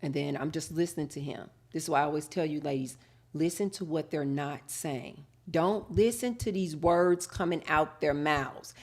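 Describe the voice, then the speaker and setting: Woman host riffing on dating, lively storyteller, slightly low voice, acts out little scenes. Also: moderate pace. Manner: animated storytelling, acting out both sides of conversations. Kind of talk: live talk show monologue.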